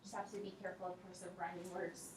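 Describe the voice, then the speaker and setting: A woman teacher giving a workshop presentation to other teachers, talking in a relaxed, practical way and speaking straight to her audience. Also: lowish voice, fast talker, very noisy. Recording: echoey room, mic from a distance.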